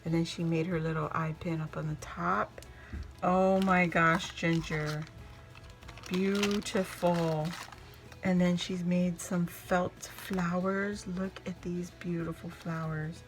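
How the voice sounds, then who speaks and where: A woman from Hawaii narrates as she opens a box of handmade craft gifts, gushing and exclaiming over every detail. She talks slowly and chattily, and a clear music track plays beneath her voice. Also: lowish voice. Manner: gushing, excited exclamations with gasps and laughs. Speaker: crafting vlogger opening happy mail. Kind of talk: casual unboxing chat. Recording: music playing in the background.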